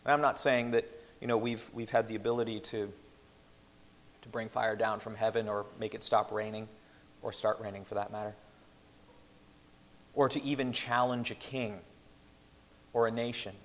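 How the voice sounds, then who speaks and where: A man preaching a sermon in an earnest, measured way, slowing down to stress the scripture he quotes. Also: fairly low pitch, little pitch movement. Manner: earnest, measured, with slowed emphatic quotations. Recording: reverberant hall.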